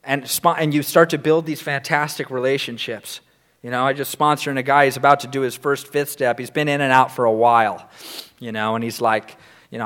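A man sharing his recovery story as a sponsor, telling it candidly, acting out quotes and laughing through dark moments. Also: medium pitch, a little fast.

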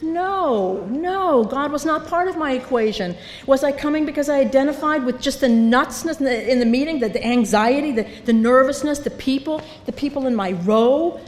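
A woman's voice: high voice, expressive, normal speed, hardly any pauses. Older woman telling her story in an echoey hall. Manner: storytelling, acts out voices, self-mocking humor. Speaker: speaker sharing recovery story. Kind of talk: recovery meeting talk. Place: meeting hall. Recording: reverberant hall, faint background noise.

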